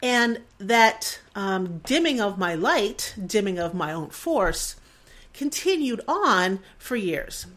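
A woman's voice: medium pitch, big pitch swings, slow pace, a bit bright. An emotional woman in her forties hosts a podcast in a casual, reflective monologue. She speaks earnestly and circles back on her thoughts, often restarting her sentences. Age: 40s. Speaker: podcast host.

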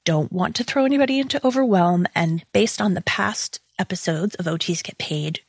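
A woman hosting a podcast interview, enthusiastic and quick to laugh. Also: lowish voice, breathy edge, no echo. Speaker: podcast host. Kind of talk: casual interview chat.

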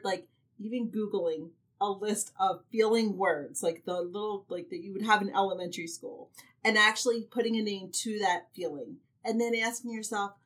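An earnest woman explains self-help ideas in a relaxed podcast chat, filling her sentences with "like". Her voice is mid-pitched. She sounds slightly distant from the microphone. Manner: earnest, uses 'like' often. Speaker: podcast guest. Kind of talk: casual advice chat.

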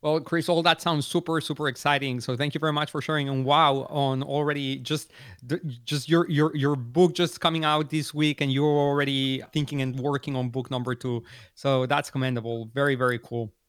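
A man's voice: medium pitch, fairly even intonation, a little fast, fairly bright tone, clear, resonant tone, dry recording. A man hosting a podcast, talking enthusiastically and praising his guest. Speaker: podcast host. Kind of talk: casual interview hosting.

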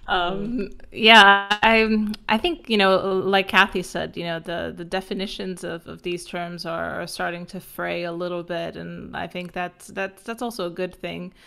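A woman, a panel guest, talks quickly and hesitantly with many restarts, sounding out of breath, in an online discussion. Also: lowish voice, little pitch movement, vocal fry, sharp tone, smooth.

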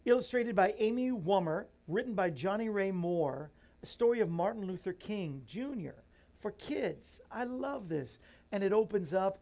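Man, talk show host, reading a children's book aloud, earnest, folksy asides, emotional, softening voice. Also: high-pitched, expressive, normal speed, gravelly. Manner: emotional, voice drops soft and near tears.

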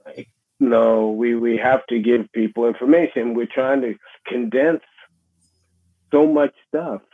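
A middle-aged man with a New York accent, a musician being interviewed, speaking in a halting, reflective way with many restarts. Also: mid-range voice, fairly even intonation. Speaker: guest musician. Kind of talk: casual interview conversation. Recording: husky voice over a tinny phone line.

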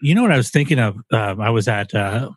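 Husky guy cohosting a podcast, jokey and playful, dry close mic. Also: on the low side, animated, fast, dry recording. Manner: joking, playful, slips into put-on accents. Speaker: podcast co-host. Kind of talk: casual chat. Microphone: studio microphone.

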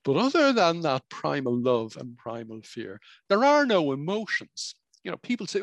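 A man's voice: fairly high pitch, very animated, moderate pace, no room sound. A middle-aged man, a practicing psychologist, talking about emotions in a conversational, explanatory way with vivid examples and asides. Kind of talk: reflective spoken talk on emotions.

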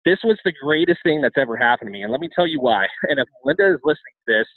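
A man tells his life story at a quick clip, stumbling over and repeating his words as he goes. His voice comes through thin and phone-like, with a dry, close sound. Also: medium pitch, lively intonation, dry recording. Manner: rapid, with frequent restarts and repeated words. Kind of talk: candid personal storytelling.

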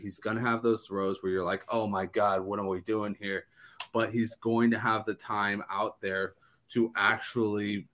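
A low-voiced man talks fast and with conviction on a podcast. He lays out his case by asking a question and then answering it himself. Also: a bit bright. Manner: quick, emphatic, builds arguments with questions. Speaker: guest analyst. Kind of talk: casual podcast analysis.

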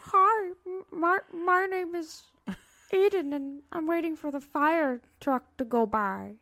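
A woman putting on a silly old cartoon grandma voice during a podcast, speaking haltingly and playfully. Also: very high voice, fairly bright tone, voice pushed up, heavily acted. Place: room at home with open windows.

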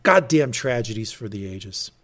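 Male co-host, casual recap talk, animated delivery, mid-pitched voice with lots of movement. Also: normal speed. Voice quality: animated, acts out character lines with big pitch jumps. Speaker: podcast co-host recapping a TV episode. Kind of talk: casual chat.

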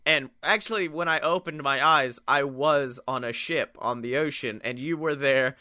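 A man co-hosting a comedy podcast, telling a story in an animated, laughing and profane way. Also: mid-range voice, normal speed, no room sound, studio quality. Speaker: podcast co-host.

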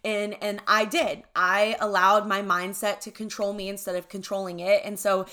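Woman, young adult, podcast host, bright tone, casual storytelling, candid, swears a lot. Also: mid-range voice, little pitch movement, moderate pace. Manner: candid, swears freely, says "right?" and "y'all".

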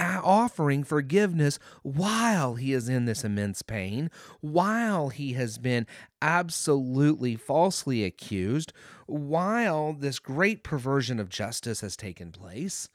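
A man's voice: on the high side, big pitch swings, unhurried, dry recording, clean studio sound. A man hosting a devotional podcast, talking earnestly through a Bible passage with fillers and restarts. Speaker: podcast host.

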